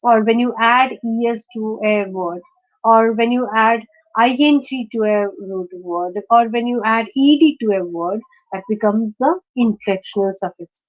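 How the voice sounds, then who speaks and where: Woman teacher going thru rules step by step, lots of uh's and right?s, kinda high voice, muffled lo-fi sound. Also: measured pace. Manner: explains step by step with many fillers and checking questions. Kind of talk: online lesson on word stress. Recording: dull lo-fi recording.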